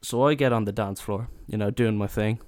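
A man's voice: on the low side, steady tone, a little fast, a little mellow, no echo, clean studio sound. Young man telling a rowdy, cursing holiday story. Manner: swears a lot, acts out quotes in raised voices. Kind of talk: casual comedic anecdote.

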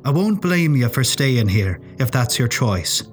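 A man doing an excitable old professor. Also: mid-range voice, a little slow, over music. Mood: decisive. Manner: exclamatory, bursts out. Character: excitable male professor, older and aloof.

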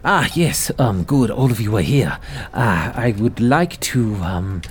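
A man's voice: lowish voice, animated, takes it slowly, slight background noise. A man voicing a cheerful leader who smiles gleefully while he stumbles over his news.

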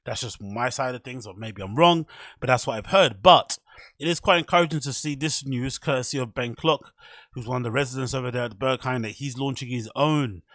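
A man's voice: medium pitch, a little fast, a bit bright, no echo, studio quality. A man hosting a solo podcast, chatting casually in a joking, self-mocking way. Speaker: podcast host.

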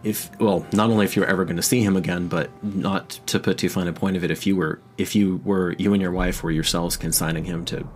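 A man runs a tabletop game, narrating scenes with dramatic, unhurried weight and frequent restarts. His voice sits very low. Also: fairly even intonation, faint music behind. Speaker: game master.

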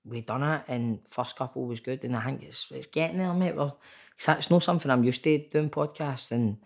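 A Scottish man, an actor and podcast guest, telling lively stories in a casual chat, swearing freely and calling the host mate. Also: medium pitch, fairly quick, vocal fry. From Scotland. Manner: chatty storyteller, keeps saying mate, swears freely. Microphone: remote call.

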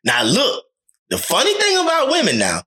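Animated high-voiced man acting out quotes. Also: moderate pace. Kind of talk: casual chat.

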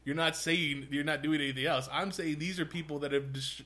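A man in casual podcast chat, arguing his side calmly with hesitant restarts. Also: on the high side, brisk. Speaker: podcast co-host.

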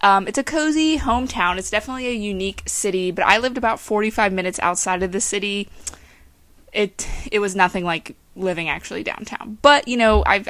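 A woman's voice: mid-range voice, fairly bright tone, dry recording. A young woman from western Pennsylvania with a faint Pittsburgh accent, hosting her own podcast in a casual, rambling, chatty way with frequent laughs. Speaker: podcast host.

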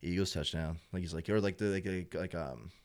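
A young man, a sports fan, chats casually in a low, fairly quick voice. He rambles with plenty of filler words and gets animated when imitating fans and announcers.

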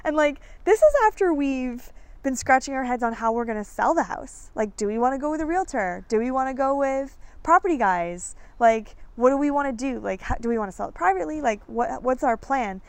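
A woman in her thirties, a podcast host telling a story in an animated, chatty way. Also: high voice, fairly quick, clear, resonant tone, dry recording. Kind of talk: casual storytelling chat.

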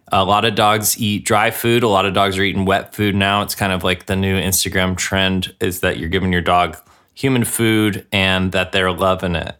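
A man hosting a comedic mock radio show, rambling deadpan with lots of filler words. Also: sits low.

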